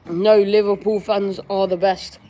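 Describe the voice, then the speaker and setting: Chatty young man with a high voice. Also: level tone, a little slow, mellow. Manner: chatty, candid, casual slang. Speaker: football fan streamer. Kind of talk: live-stream Q&A, reading chat questions aloud.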